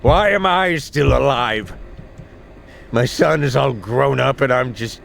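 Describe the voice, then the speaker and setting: An actor playing a guilt-ridden older widower in a game, speaking a slow, somber confessional monologue. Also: male voice, mid-range voice, creaky, fairly bright tone, a little hiss or hum, heavily acted. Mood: despairing. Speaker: game character narrating. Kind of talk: game narration.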